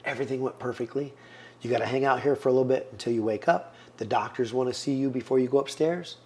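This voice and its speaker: With a mellow, mid-range voice and a fast delivery, a podcast guest in his fifties earnestly tells his own story. He performs the quoted lines of the people he talks about.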